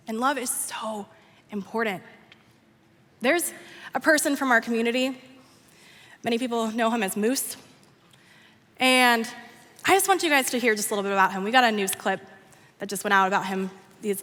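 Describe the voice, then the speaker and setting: A young woman giving a youth sermon, retelling a story with lively acted-out lines. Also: on the high side, moderate pace, long pauses. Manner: animated storytelling, acting out characters' lines. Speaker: youth ministry coordinator. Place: church worship hall. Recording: long hall reverb.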